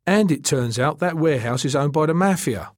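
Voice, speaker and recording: A man's voice: a little high, animated, brisk, no echo, clean studio sound, voice pushed up, natural voice. A man voicing a blunt, practical man who explains things plainly, in an audiobook. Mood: satisfied.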